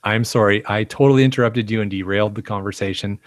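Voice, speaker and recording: Low-voiced chatty podcast man. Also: steady tone, fast, no room sound. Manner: chatty, enthusiastic storyteller. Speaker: podcast co-host. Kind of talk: casual podcast chat.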